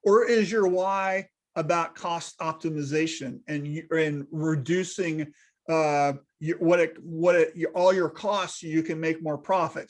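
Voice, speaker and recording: A man speaking as a business consultant, giving casual advice and tagging points with rhetorical questions. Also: fairly high pitch. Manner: emphatic, asks rhetorical questions and tags them with "right?".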